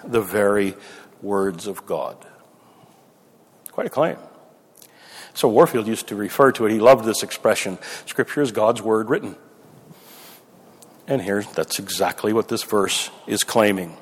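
A man's voice: lowish voice, a little slow, pauses often, husky. A man preaching a sermon, teaching through a Bible passage and stressing key words emphatically. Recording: long hall reverb.

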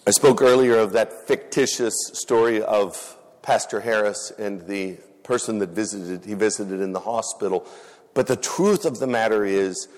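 A man's voice: on the low side, moderate pace. A man preaching a sermon as a pastor, telling stories with earnest emphasis and repetition. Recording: reverberant hall.

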